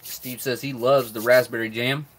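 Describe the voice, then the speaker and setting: A middle-aged man with a relaxed drawl, talking easily between bites and sometimes with his mouth full. His voice sits at a middling pitch, and a faint hiss runs under the recording. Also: moderate pace. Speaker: live stream host reviewing military rations. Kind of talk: casual live stream chat while eating.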